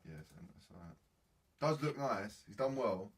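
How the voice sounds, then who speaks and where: Young man, low voice, off-mic. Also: lively intonation, normal speed, breathy edge. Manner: slangy, rambling, laughs often. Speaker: podcast co-host. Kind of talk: casual chat. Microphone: faulty mic. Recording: distant mic with faint noise.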